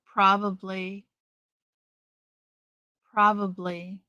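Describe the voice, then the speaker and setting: Middle-aged woman host, unhurried and rambling, bright tense tone, dry close sound. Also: mid-range voice, no echo. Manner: chatty, slow, rambling with restarts. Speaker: live stream host. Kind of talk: casual live stream chat, reading out viewer comments.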